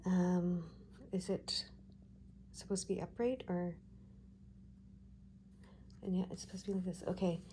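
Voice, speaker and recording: A woman giving a tarot card reading, talking gently and reassuringly with frequent check-ins to her viewers. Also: fairly low pitch, flat delivery, unhurried, long pauses, slight background noise. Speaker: tarot reader.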